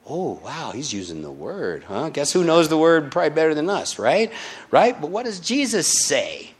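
A man's voice: a little high, big pitch swings, normal speed, slightly rough. Guy teaching the bible in a laid-back way, chatty, keeps asking "right?" to his people. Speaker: preacher.

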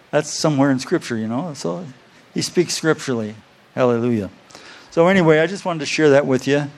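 A man preaching a sermon to his congregation, reading scripture slowly and stressing key phrases by repeating them. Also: on the high side, vocal fry. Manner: reads scripture aloud slowly. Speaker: pastor.

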